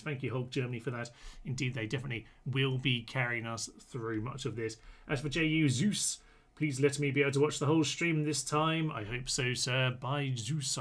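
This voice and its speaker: A man's voice: medium pitch, pushed and bright. A man commenting on a live-streamed strategy game, chatty and full of ums as he reads out and answers viewers' chat comments.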